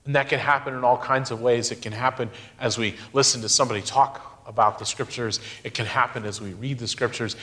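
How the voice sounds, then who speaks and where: A middle-aged man giving a sermon, speaking in a slow, reflective way with emphatic pauses. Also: fairly low pitch, a bit bright. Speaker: pastor.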